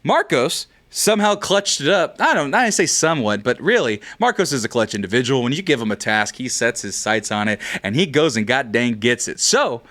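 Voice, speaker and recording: A man's voice: medium pitch, big pitch swings, a little fast, few pauses, fairly bright tone. A man hosting a livestream, rambling and joking through sponsor prize announcements and swearing casually. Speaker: podcast host.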